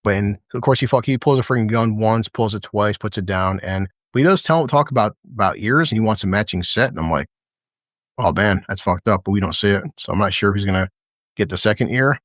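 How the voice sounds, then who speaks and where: A man's voice: fairly low pitch, quick pace, no echo. Guy rambling through an episode recap, swears constantly, laughs a lot, dry close sound. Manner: rambling, profane, laughing often. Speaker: show recap host. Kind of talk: casual livestream episode recap.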